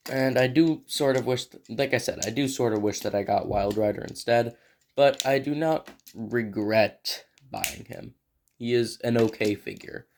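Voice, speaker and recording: A man with an ordinary mid-range voice reviews an action figure in a loose, unscripted way. He thinks aloud while handling the toy and clears his throat now and then. Faint typing and clicks sit in the background. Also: medium pitch, normal speed, darkish tone, slight background noise. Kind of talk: casual toy review vlog.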